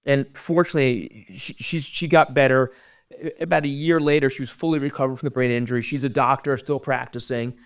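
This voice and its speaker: Middle-aged man, podcast guest, earnest halting storytelling, voice sinks soft and low, mid-pitched, dry close recording. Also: fairly even intonation, dry recording. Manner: earnest, halting, often softens to a hush. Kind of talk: personal storytelling.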